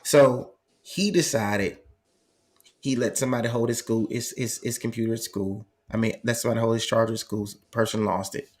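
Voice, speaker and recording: A man's voice: mid-range voice, moderate pace. A middle-aged man hosting and telling a family story in a casual style, acting out the dialogue. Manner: conversational, frequent "you know what I'm saying" asides, acts out dialogue. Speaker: host.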